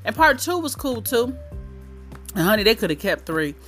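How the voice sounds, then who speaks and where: A woman's voice: on the high side, sing-song, moderate pace, fairly bright tone, soft background music. A woman in her thirties hosting her own podcast in casual chat, candid and talkative, cursing freely and laughing easily. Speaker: podcast host.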